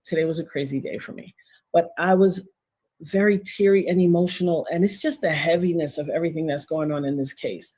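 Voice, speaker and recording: A middle-aged woman hosts a livestream, speaking directly to viewers in casual commentary that's animated and emphatic, full of slang and repeated phrases. Her voice is low, slightly rough, and fairly quick.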